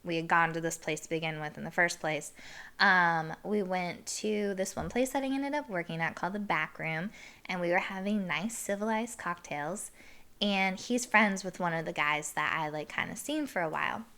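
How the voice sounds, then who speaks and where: A woman, hosting a podcast and telling a story in a casual, animated way, swearing and loudly acting out what people said. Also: fairly low pitch, moderate pace, smooth. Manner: animated, swearing, acts out quoted lines loudly. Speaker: podcast host.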